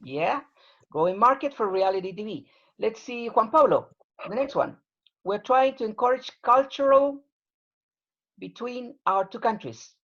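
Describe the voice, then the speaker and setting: A woman's voice: fairly high pitch, lively intonation, unhurried, muffled recording. A woman teaching an English class over a video call, explaining patiently with plenty of fillers.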